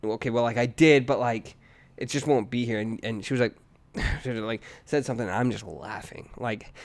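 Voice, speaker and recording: A man's voice: medium pitch, normal speed. A man in his thirties co-hosting a casual podcast, telling a rambling story full of fillers and restarts, laughing at himself. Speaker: podcast co-host.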